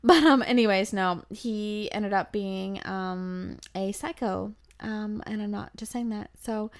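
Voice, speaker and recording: A young woman hosting a podcast, telling a travel story in a chatty, animated way, full of fillers and acted-out quotes. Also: medium pitch. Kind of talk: casual storytelling.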